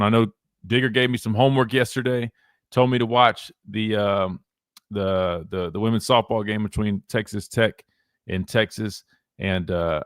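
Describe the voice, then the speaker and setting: On a live sports radio show, a young host keeps up an animated, rambling chat full of restarts and "wait, hold on." His voice is lowish, recorded at studio quality with no echo.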